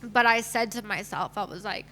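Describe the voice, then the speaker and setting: In a noisy podcast interview, a matchmaker in her thirties candidly recounts her career, laughing and using fillers as she goes. Her voice sits in the mid-range and her pace is moderate.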